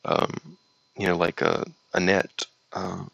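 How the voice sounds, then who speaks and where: Male host with a slight Southern drawl, low and gravelly, reading chat comments and chatting loosely. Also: a little fast, sharp tone, no room sound, poor audio. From United States. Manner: rambling, reads viewer comments aloud then reacts. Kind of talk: casual chat.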